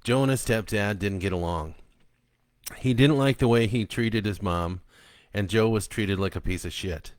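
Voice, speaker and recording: A man's voice: on the low side, moderate pace, no room sound, clean studio sound. A man, the author, reading his own book aloud after a casual, chatty introduction full of ums and uhs.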